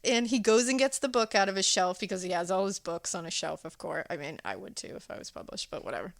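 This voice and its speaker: A woman co-hosting a podcast in casual chat, telling the story with animated voices and frequent laughs. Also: medium pitch, fast, creaky, no room sound, studio quality. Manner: animated storytelling, acts out characters, laughs often. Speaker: podcast co-host.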